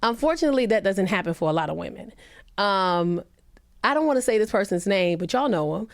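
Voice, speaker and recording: A woman comedian on a podcast, telling a personal story earnestly and emphatically, her pitch rising when she quotes people. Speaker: comedian guest.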